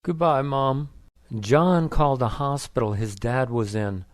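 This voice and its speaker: Male narrator, mid-pitched voice, plain even storytelling, dry close sound. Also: moderate pace, no echo. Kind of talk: scripted story narration for English learners.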